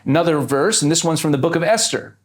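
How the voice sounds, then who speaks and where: Lively male Bible teacher. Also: on the high side, quick pace. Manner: explains step by step, asks rhetorical questions. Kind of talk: scripture teaching.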